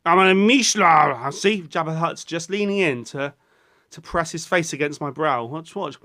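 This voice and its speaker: A man's voice: on the high side, normal speed, fairly bright tone. A man, rambling through a casual vlog in a goofy way, swearing often and breaking into silly voices. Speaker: vlogger.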